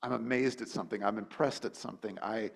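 A man's voice: fast, creaky. Conversational male preacher, thinking aloud. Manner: informal, thinks aloud with frequent "like" and restarts; acts out quotes with sudden high, animated voices. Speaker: pastor. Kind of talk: conversational sermon.

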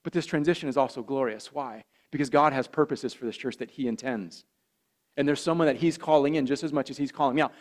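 A man, a pastor preaching a sermon with earnest repetition that swells louder on key phrases. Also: medium pitch. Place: church.

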